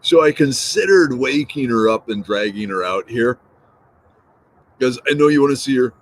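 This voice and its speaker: A man's voice: mid-range voice, animated, normal speed, rough recording. Chatty man hosting an early-morning live stream. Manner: chatty, reads out and answers viewer comments; playful, repeats words and trails off. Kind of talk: casual live-stream chat.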